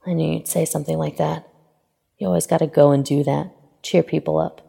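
A woman reading fan fiction aloud, voicing a cranky, grouchy elderly man who talks curtly and swears, with a tender streak under the gruffness. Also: low voice, fairly even intonation, fairly quick, mellow, heavily acted. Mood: gruff tender. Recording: long hall reverb.

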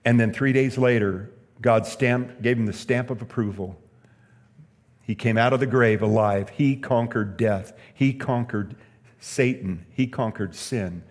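A man's voice: on the low side, darkish tone, in a large hall. A male pastor preaching a sermon, telling a story earnestly and hammering points home with repeated phrases.

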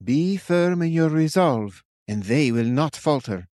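A man's voice: medium pitch, normal speed, darkish tone, no room sound, clean studio sound, voice pushed up, natural voice. A man voicing a cold, commanding witch. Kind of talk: audiobook character voice.

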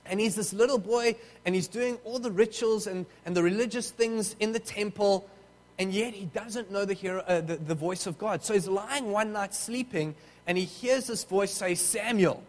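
High-voiced male preacher in a hall. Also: moderate pace, darkish tone. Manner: storytelling with humor, frequent restarts. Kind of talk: sermon.

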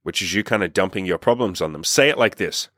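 A man's voice: low-pitched, animated, fast talker, pushed and bright, no room sound. Blunt, emphatic young man on a dry mic. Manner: blunt, emphatic, casual swearing. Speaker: podcast host. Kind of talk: motivational monologue.

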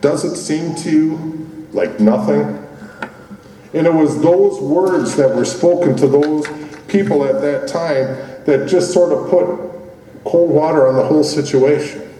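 A man preaches in a casual, talky way, stopping to restart his thoughts and leaning on fillers. His voice is mellow and dark-toned, sitting at an ordinary pitch. The sound is distant, with a long reverb tail from a big hall. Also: measured pace, a little hiss or hum. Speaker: pastor. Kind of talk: sermon. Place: church building that used to be a gym. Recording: roomy hall from far off.

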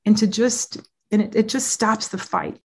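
Middle-aged woman, therapist guest, animated storyteller, mid-pitched voice. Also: moderate pace, vocal fry, husky. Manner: animated storyteller, laughs often. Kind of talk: podcast interview.

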